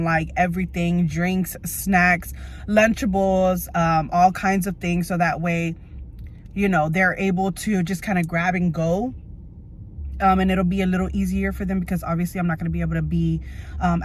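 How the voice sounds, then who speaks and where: A woman's voice: lowish voice, fairly even intonation, normal speed, slight background noise. Tearful nervous woman vlogging from her car. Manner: nervous, emotional, rambling with many fillers. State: teary, on the verge of crying. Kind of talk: tearful personal vlog. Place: inside a parked car.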